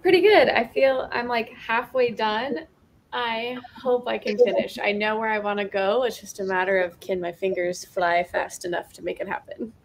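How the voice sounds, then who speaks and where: A woman's voice: medium pitch, moderate pace, a little hiss or hum. A woman who is a guest writer on a live stream, chatting eagerly and openly. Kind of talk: casual chat among writers.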